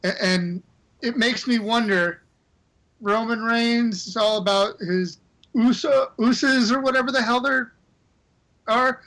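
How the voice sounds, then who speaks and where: A man's voice: very high voice, measured pace, fairly bright tone, rough recording. A man co-hosting a casual podcast, hesitant, often stammering and restarting. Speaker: podcast co-host. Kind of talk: casual chat about wrestling.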